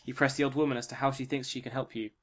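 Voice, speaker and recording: A man's voice: medium pitch, flat delivery, racing, a bit bright. Joking man running a tabletop game. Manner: joking, playful, laughs often. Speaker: game master. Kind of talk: narrating a tabletop game with banter.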